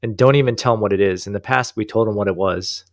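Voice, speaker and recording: A man's voice: on the low side, fast talker. A man co-hosting a casual business chat, asking curious follow-up questions. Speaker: online store owner and co-host.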